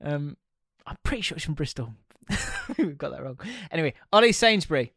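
Podcast co-host, a bit high-voiced, loose and jokey, very dry close mic. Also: male voice, wildly swooping pitch, normal speed, hardly any pauses, a bit bright, no echo. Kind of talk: casual comedic chat.

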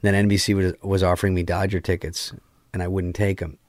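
A man's voice: low voice, fairly quick, no room sound, clean studio sound. A middle-aged man telling a story in casual, profane talk, acting out the voices of the people in it. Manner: animated, profane, acts out quoted voices. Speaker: guest comedian. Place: garage studio.

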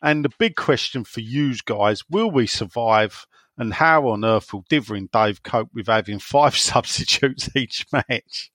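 A man's voice: mid-range voice, animated, fairly bright tone, no room sound. A man hosting a casual football podcast, reading out listener messages and often stumbling over his first words. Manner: halting, repeats words as he starts. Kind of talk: casual chat.

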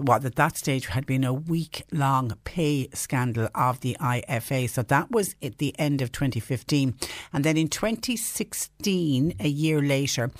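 A man's voice: mid-range voice, no echo, studio quality. A man with an Irish accent hosting a radio phone-in show, talking in a chatty, indignant way and firing off rhetorical questions. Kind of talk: radio talk show monologue. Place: radio studio.

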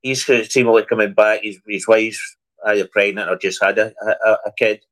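A man with a lowish voice chats about football as a podcast co-host. He talks in a conversational way, often stammering and restarting his sentences. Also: fairly even intonation, moderate pace, fairly bright tone, low-quality recording. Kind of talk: casual football chat.

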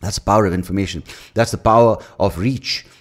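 This comedian podcast host, who has an Indian English accent, delivers a rambling, profane, casual rant and keeps correcting himself. His voice is lowish and his pace a little fast.

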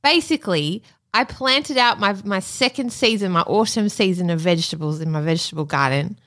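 A pregnant Australian woman co-hosting a podcast in casual chat, telling stories in an animated, exasperated way. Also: mid-range voice, a little fast. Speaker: podcast co-host.

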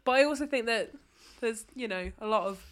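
A woman's voice: a little high, brisk, a bit bright. A woman co-hosting a podcast, reading a listener's story aloud in casual chat, laughing often and swearing casually.

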